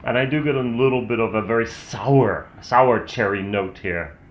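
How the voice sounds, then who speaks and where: A man's voice: mid-range voice, moderate pace. Chatty American man reviewing whisky. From United States. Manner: chatty and candid, thinking aloud. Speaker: whisky reviewer, channel host. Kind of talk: casual tasting review. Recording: roomy, slightly dull sound.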